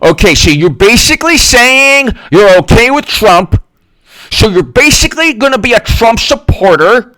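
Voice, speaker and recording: Man putting on a shrill accusing partisan voter. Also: pushed and bright, clear, resonant tone, heavily acted. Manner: accusing, hectoring, high-pitched.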